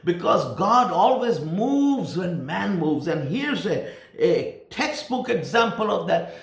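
A man's voice: high-pitched, vocal fry, reverberant. A man preaching a sermon, emphatic and repeating words to drive points home.

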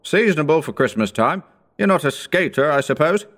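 A man's voice: fairly high pitch, expressive, a little fast, a bit bright, pitched above the performer's own voice. Man doing a cool rich businessman, raised voice, polite, light small talk. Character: wealthy, cool male businessman.

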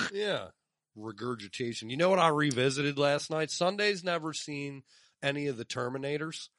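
A man's voice: fairly high pitch, moderate pace, dry recording, studio quality. A man co-hosting a comedy podcast, talking casually with lots of swearing and teasing, and slipping into mock voices to quote people. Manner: animated, profane, teasing, puts on voices for quotes. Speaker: podcast co-host.

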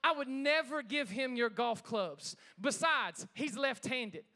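A man's voice: very high-pitched, lively intonation, slow, bright, forceful tone, full character voice. A man voicing a resigned wife in a joke, answering hesitantly. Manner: hesitant, shrugging.

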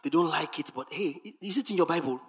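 A preacher delivering a sermon with emphatic repetition, dropping to quiet asides and rising to shouted, sing-song refrains. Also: mid-range voice, quick pace, husky, long reverb tail.

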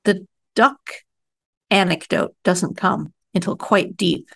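A woman podcast host asking thoughtful, measured questions with some hesitation. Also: mid-range voice, creaky, fairly bright tone, slightly rough. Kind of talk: conversational interview.

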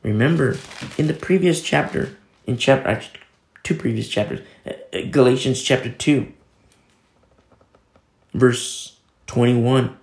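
A man's voice: mid-range voice, expressive, a little slow, gravelly, echoey room. A male pastor giving a sermon in a casual storytelling way, reading and quoting scripture as he goes. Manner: conversational, storytelling preaching with scripture quotes.

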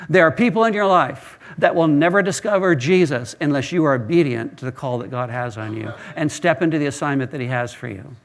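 A man's voice: fairly high pitch, brisk, gravelly, few pauses. A male pastor preaching a sermon, telling stories earnestly and often repeating words as he starts a phrase.

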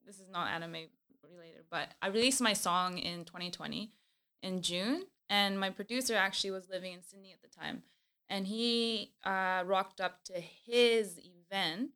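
A relaxed woman musician chatting as a podcast guest. Her voice is bright, smooth and crisp, at a middle pitch. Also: normal speed. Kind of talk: casual podcast chat.

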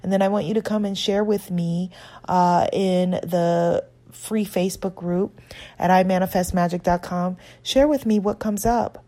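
A woman's voice: on the low side, steady tone, a little slow, warm tone. A woman self-help author giving an earnest, encouraging guided talk on self-acceptance.

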